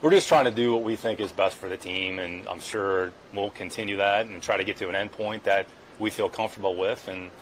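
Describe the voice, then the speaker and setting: A man speaking as a team general manager at a press conference, with measured, guarded answers built on repeated stock phrases. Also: lowish voice, a little hiss or hum, poor audio.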